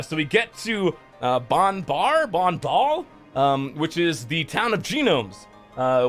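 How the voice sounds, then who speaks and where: Male streamer, fairly high voice, swears a lot while rambling through a recap, soft music underneath. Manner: loose, profane and rambling, with many fillers. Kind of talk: casual recap of a game's story.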